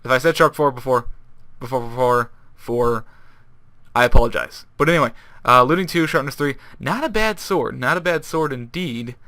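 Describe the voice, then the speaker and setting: Young guy rambling through a minecraft base tour, bright clear voice, dry close mic. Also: medium pitch, normal speed, no echo. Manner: rambling, self-correcting, upbeat. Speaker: Minecraft YouTuber. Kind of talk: casual gameplay commentary.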